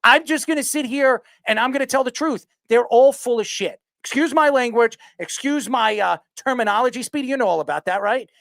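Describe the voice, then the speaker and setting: A man hosting a sports podcast who rants loudly and passionately, arguing hard and often raising his voice. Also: very high voice, fairly quick, vocal fry, hardly any pauses, dry recording. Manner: loud, passionate, yells his arguments. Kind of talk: heated sports talk rant.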